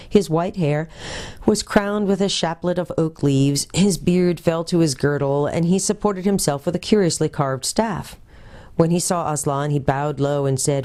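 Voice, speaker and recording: A woman pastor reading a children's book aloud in a clear, steady storytelling manner. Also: low-pitched.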